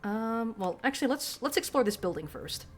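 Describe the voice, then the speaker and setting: A woman's voice: on the high side, expressive, moderate pace, faint music behind. A woman streamer giving casual, profane, self-deprecating commentary while reading game text aloud.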